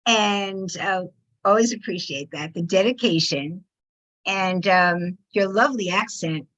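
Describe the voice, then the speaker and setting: A woman hosting a literary reading, thanking readers and introducing the next one in a warm, halting way full of ums and uhs. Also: medium pitch, rough recording. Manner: warm, halting, with many fillers. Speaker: host of a reading series.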